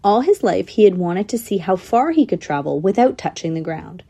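A woman's voice: mid-range voice, sing-song, moderate pace, warm tone. Woman reading Chaka, a wistful young squirrel. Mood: earnest. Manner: thoughtful, matter-of-fact storytelling.

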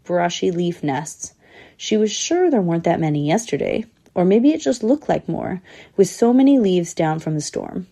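A woman narrating a storybook, giving each character its own voice. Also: lowish voice. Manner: lively, voicing each squirrel.

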